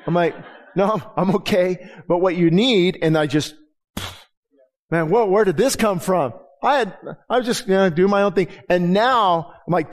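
With a high-sitting, brisk voice, this middle-aged pastor delivers a conversational sermon and performs the dialogue in his stories.

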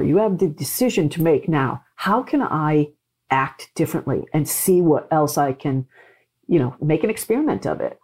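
A woman talking as a podcast guest, passionate and expressive, explaining her ideas with lively storytelling. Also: deep voice, breathy edge. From not from Texas, now living there. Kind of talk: casual podcast conversation.

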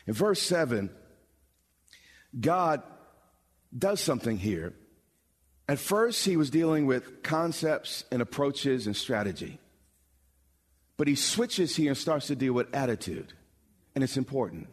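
A pastor preaching a sermon, building from explanation to bold, emphatic calls with dramatic pauses. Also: male voice, medium pitch, very animated. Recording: long hall reverb.

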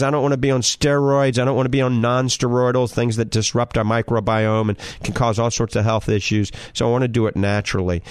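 A man's voice: mid-range voice, dry recording, clean studio sound. A man in his sixties with a New Orleans Cajun accent, hosting a call-in health show and giving advice in an emphatic, instructive way. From Louisiana. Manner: emphatic, instructive, repeats "all right?" and "okay?".

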